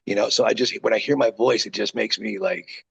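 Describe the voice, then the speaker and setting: A man with a raspy, deep voice, a guest wrestler telling rambling stories in a casual interview. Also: brisk, rough recording. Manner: rambling, animated, full of quoted asides.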